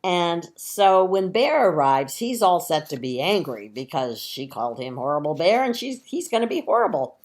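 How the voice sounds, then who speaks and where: A woman leading children's time at church, explaining a story to kids in a gentle, chatty children's sermon. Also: on the low side, very animated, normal speed, hardly any pauses.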